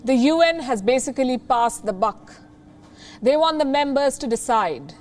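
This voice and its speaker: A woman's voice: high-pitched, animated, moderate pace, a little mellow. Woman in her 30s, Indian English accent, news anchor, scripted commentary with a pointed, rhetorical edge.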